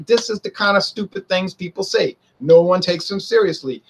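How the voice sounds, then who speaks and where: A man giving a casual political opinion monologue, animated, often mimicking others in a high mocking voice. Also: fast talker, few pauses, slight background noise. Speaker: political commentator.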